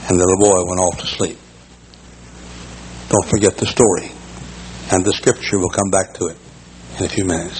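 An older man preaching a sermon as pastor, telling a story in a folksy way and repeating key words slowly for emphasis. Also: deep voice, steady tone, darkish tone, low-quality recording. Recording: faint background noise in a large church.

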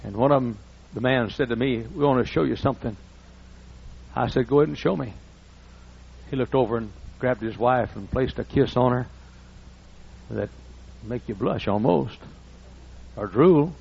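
A man's voice: mid-range voice, moderate pace, gravelly, a little mellow, breathy edge. An older man preaching a folksy storytelling sermon. He acts out the dialogue in raised voices. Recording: muffled lo-fi recording.

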